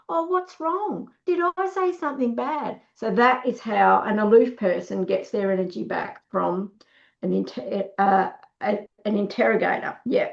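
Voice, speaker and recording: A middle-aged woman speaking at a workshop tells stories casually over a webinar, acting out what people said and restarting often. Her voice is fairly high and gravelly, and the recording sounds muffled.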